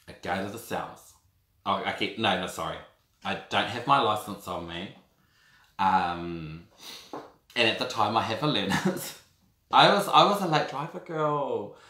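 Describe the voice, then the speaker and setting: A man in his thirties with a New Zealand accent, telling a personal story to camera in a camp, animated way and often calling the listener "girl". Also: medium pitch. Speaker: vlogger. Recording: roomy echo.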